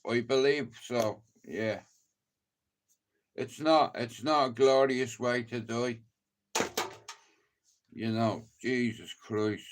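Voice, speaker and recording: A man from Dublin with a broad Dublin accent, talking slowly through a loose, casual live-stream chat. He rambles and swears freely, with a voice of middling pitch. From Ireland. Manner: rambling and heavily profane, chatty storytelling.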